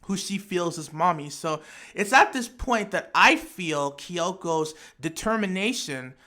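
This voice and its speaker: A man's voice: sits high, expressive, a little slow, sharp tone. A man talking through an anime fan theory in a casual, speculative way, thinking aloud with frequent restarts and repeated words. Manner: speculative, imaginative storytelling. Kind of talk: casual spoken analysis.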